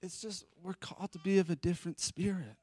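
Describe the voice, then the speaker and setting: A man preaching a conversational sermon at a live-streamed church service. He is animated and chatty, with self-deprecating asides. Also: high voice, fairly quick, breathy edge, dry recording. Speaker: pastor.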